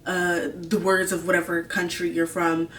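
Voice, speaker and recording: A woman's voice: on the low side, level tone, normal speed, very noisy. A woman host chatting casually to camera, rambling with lots of fillers and gushing about what she likes. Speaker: video host. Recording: roomy room, mic at a distance.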